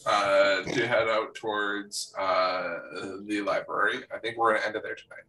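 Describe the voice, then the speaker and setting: A man running a tabletop game as game master, talking in a slow, halting way with many fillers. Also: lowish voice, little pitch movement, bright, forceful tone, distant mic, low-quality recording.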